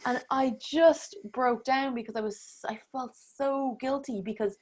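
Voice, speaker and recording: A woman's voice: high-pitched, fairly even intonation, measured pace, a little mellow. A woman in her thirties, a podcast guest, telling a personal story in casual interview talk, acting out her own inner voices with laughs and the odd swear. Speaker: podcast guest, breathwork teacher.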